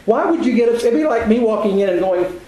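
Older man preaching folksy, high-pitched. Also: lively intonation, fast talker, mellow, reverberant, muffled recording, a little hiss or hum. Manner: folksy, self-deprecating storytelling. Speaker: Bible class teacher. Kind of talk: conversational sermon.

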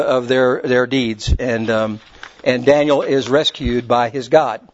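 A man leads a Bible class in a fairly high voice. He talks in a folksy, rambling way and often restarts his sentences. The recording is dull and lo-fi. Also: darkish tone. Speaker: Bible teacher. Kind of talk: conversational Bible class teaching. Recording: muffled lo-fi recording.

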